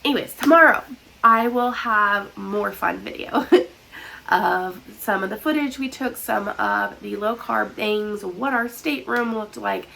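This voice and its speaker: A woman's voice: mid-range voice, unhurried, gravelly, sharp tone, a little hiss or hum, low-quality recording. A woman with a nasal, congested voice, talking earnestly and a bit ramblingly to her viewers in a casual vlog. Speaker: vlogger. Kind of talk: casual to-camera talk.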